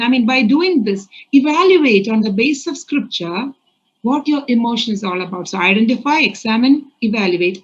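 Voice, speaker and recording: A woman's voice: on the high side, dull audio. A woman with an Indian accent preaching a sermon in an earnest way, asking many rhetorical questions.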